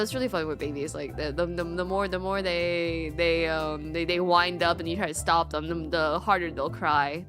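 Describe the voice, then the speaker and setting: A woman streamer chatting casually to her viewers, rambling with lots of filler words and restarts and swinging between giggly highs and low mumbles. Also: a bit bright. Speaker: VTuber streamer.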